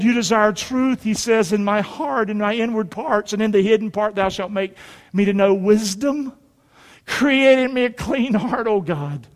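A middle-aged male pastor preaching a sermon in a church, folksy and emphatic, pulling the congregation into call and response. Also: sits high. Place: church sanctuary. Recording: long hall reverb.

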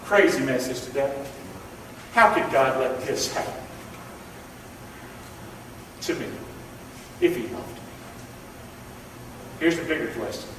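A man's voice: medium pitch, lively intonation, moderate pace, pauses often, a bit bright, a little hiss or hum. A male pastor with a Southern US accent preaching a folksy, impassioned sermon with call-and-response in a church sanctuary. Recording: echoey hall, mic far off.

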